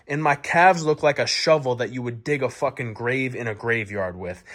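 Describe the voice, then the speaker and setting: A man's voice: mid-range voice, normal speed, hardly any pauses, a bit bright. Foul-mouthed man telling a comic story. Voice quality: crude, boastful, heavy swearing. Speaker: vlog host. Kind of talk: profane comedic storytelling.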